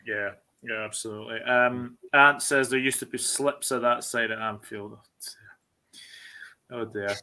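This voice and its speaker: Bright-voiced man reading chat comments. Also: mid-range voice, fairly even intonation, measured pace. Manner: reads viewer comments aloud, filler-heavy. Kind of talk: casual football watchalong chat.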